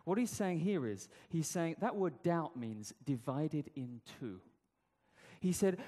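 A man's voice: a little high, slow pace. Preacher guy, chatty storytelling sermon, voice bouncing up and down, long church echo. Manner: conversational, animated storytelling with rhetorical questions.

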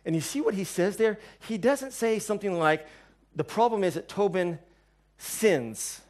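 A pastor delivers a sermon in a conversational, emphatic way, slipping in quick asides to the congregation. His voice sits a touch higher than most men's. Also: animated, a little mellow.

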